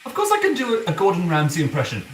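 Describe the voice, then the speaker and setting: A man's voice: high voice, huge pitch swings, very fast. A man voicing a flamboyant aristocratic male owl demon prince, campy and giggly as he cooks in an apartment kitchen and chats with viewers, calling them darling. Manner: campy, theatrical, giggly, calls chat darling. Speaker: cosplay streamer. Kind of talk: in-character cooking livestream. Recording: echoey kitchen with background noise.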